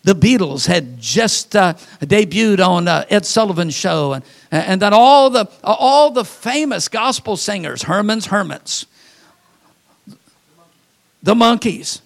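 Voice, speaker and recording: A man's voice: high-pitched, vocal fry, fairly bright tone. A man in his sixties preaching a folksy sermon in a church, joking with the congregation and leading them in call-outs. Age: 60s. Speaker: pastor. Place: church sanctuary.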